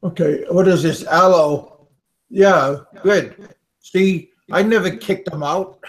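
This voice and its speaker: A man's voice: high-pitched, slow, rough recording. An American man hosting a casual group call, giggling and mildly scolding with hesitant restarts. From United States. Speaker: livestream host.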